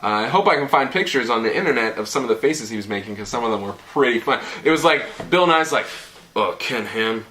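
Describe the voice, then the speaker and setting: A man's voice: mid-range voice, expressive, fast talker, few pauses, sharp tone, slight background noise. A young man hosting his channel, casually recapping an event in a rambling, playful way with lots of fillers. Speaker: channel host.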